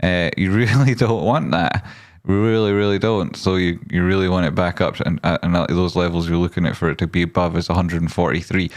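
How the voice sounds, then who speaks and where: A man's voice: deep voice, steady tone, brisk, no room sound, clean studio sound. A man hosting a casual live stream, talking through charts in a rambling, profane, jokey way. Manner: rambling, profane and jokey, often slipping into silly voices; reads viewer chat aloud. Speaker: stock market livestream host.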